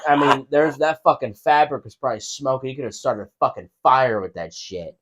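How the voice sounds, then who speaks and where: A young man co-hosting a podcast, telling a story in casual chat, animated and swearing a lot. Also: medium pitch, brisk, background noise. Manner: animated storytelling, heavy swearing, acts out reactions. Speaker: podcast co-host.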